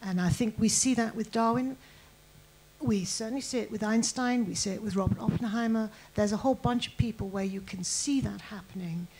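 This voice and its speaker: A woman's voice: mid-range voice, dark tone, breathy edge, poor audio. A woman historian speaking in a conversational public talk, thoughtful and a little hesitant, with occasional restarts. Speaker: guest historian.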